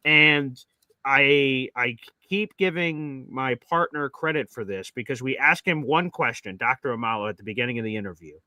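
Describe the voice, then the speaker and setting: A man's voice: mid-range voice, normal speed, no echo, poor audio. A man hosting a sports talk show, telling stories and acting out the people he quotes. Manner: animated storyteller acting out quotes. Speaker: podcast host. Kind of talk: casual sports talk storytelling.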